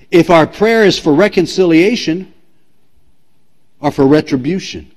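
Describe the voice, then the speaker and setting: A man's voice: on the high side, animated, a little slow, pauses often, darkish tone. A man preaching a sermon as pastor, emphatic and repetitive, asking the congregation direct questions. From United States.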